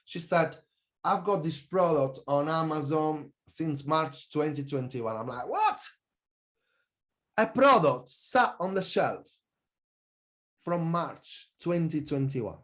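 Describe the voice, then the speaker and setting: A man, an online business coach giving an energetic, passionate sales pitch for his course, often correcting himself as he goes. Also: takes it slowly.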